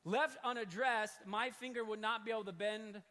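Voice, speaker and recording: A man in his thirties preaching in a church hall, telling a story in an animated, conversational way. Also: sits high, moderate pace. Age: 30s. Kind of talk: sermon storytelling. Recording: long hall reverb.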